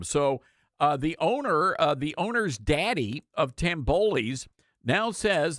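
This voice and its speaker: A man's voice: a little high, big pitch swings, takes it slowly, a bit bright, no echo, studio quality. A man hosting a talk radio show, reading quotes aloud with mocking, sarcastic asides. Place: radio studio. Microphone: studio microphone.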